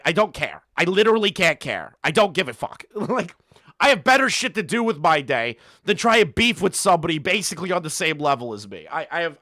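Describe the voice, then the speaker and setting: Animated, bright-voiced man ranting. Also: fairly high pitch, no room sound, studio quality. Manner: profane, mocking, laughing between rants. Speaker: commentary channel host. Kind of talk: ranting commentary.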